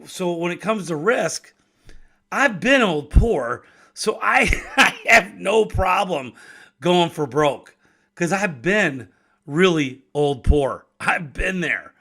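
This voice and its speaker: Bright-voiced middle-aged man talking business. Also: high-pitched, lively intonation, takes it slowly. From Wisconsin. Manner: conversational, repeats and restarts words, laughs between thoughts. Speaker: podcast host and business owner. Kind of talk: casual solo talk.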